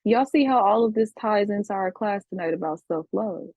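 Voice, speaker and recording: A woman's voice: medium pitch, moderate pace, darkish tone, no echo, lo-fi sound. A woman teaching a class, scolding her students with profanity and repeating herself for emphasis. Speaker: spiritual teacher. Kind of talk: livestream class lecture.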